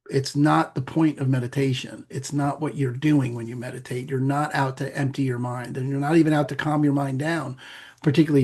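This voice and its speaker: A middle-aged man, a meditation teacher and podcast guest, explaining in a relaxed conversational way with playful asides. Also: medium pitch. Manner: gravelly, husky, animated with playful asides.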